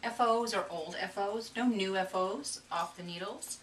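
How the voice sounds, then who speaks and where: A woman's voice: medium pitch, normal speed. A woman co-hosting a casual knitting podcast, chatty and self-deprecating, getting over a cold. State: recovering from a cold. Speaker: podcast co-host. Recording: distant mic with faint room noise.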